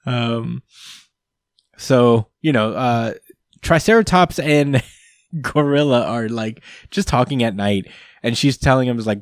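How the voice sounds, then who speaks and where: A man's voice: medium pitch, slow pace, pauses often, no room sound, clean studio sound. Chuckling man in a casual recap. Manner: rambling with frequent fillers and chuckles. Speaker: podcast host. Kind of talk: casual manga chapter recap.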